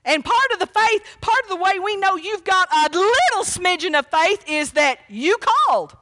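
A woman preaches in a high, bright voice. She speaks fervently and folksily, often calling out praise, and at times rises to a near shout. The sound is dry and close. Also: lively intonation, moderate pace, no echo. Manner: rises to shouting when quoting cries for mercy. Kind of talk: sermon.

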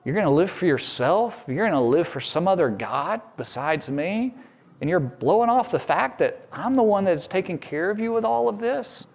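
A preacher lifting his voice high to act out God, exasperated and wounded, firing off incredulous questions at the people he provided for. The voice sits well above his speaking pitch and pleads more than it thunders. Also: lively intonation, moderate pace, creaky, heavily acted.

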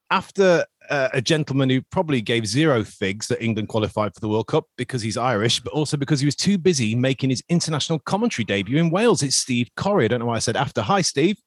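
A man's voice: mid-range voice, animated, fast talker, dry recording. Jokey man hosting a podcast, dry sound. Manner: jokey, self-mocking banter. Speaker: podcast host. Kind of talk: casual podcast chat.

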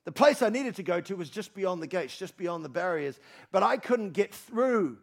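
A male pastor preaching a sermon to a congregation, repeating phrases with emphasis, swinging from loud calls to low, quiet lines. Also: animated, normal speed, vocal fry. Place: church hall with congregation.

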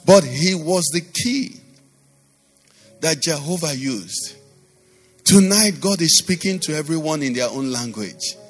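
A man's voice: on the high side, lively intonation, a little slow, pauses often, in a large hall, soft background music. A male pastor preaching and leading prayer, with rhythmic repetition and rising fervent declarations. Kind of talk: sermon with prayer over music.

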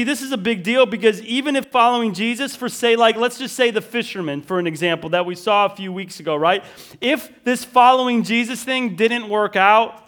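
A male pastor with a notably high voice, delivering a sermon. He leans on repeated words and casual asides, and swings from forceful declarations to quiet, slowed-down lines. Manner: emphatic preaching, repeating key words, swinging from loud to hushed; casual fillers like "listen" and "right?".

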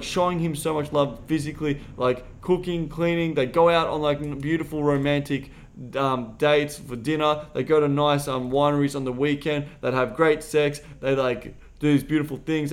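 A man hosting a podcast as a dating coach, swearing freely and retelling a client's story bluntly, jumping loud and high whenever he quotes himself.

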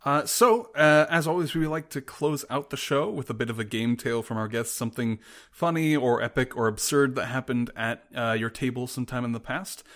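A man's voice: mid-range voice, brisk, a bit bright. A man hosting a podcast, chatting with his guest in a friendly and easily amused way. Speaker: podcast host. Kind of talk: casual podcast chat.

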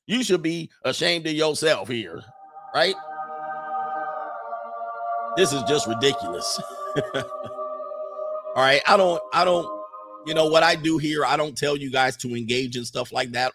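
A young man hosting a casual livestream, reading viewer messages aloud and riffing on them, animated and laughing often. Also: mid-range voice. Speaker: livestream host reading super chats.

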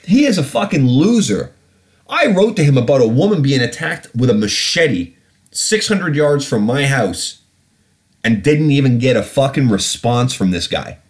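A blunt British podcast host, heated and profane, venting in casual commentary. His pitch swings widely as he talks, rising sharply when he is exasperated. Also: big pitch swings, normal speed.

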